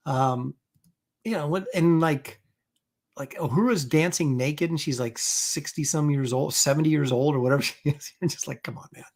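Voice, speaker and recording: A man's voice: a little high, normal speed. A middle-aged man hosting a live stream, chatting casually in a rambling, self-mocking way with lots of fillers and restarts. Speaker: host of a live comic art stream.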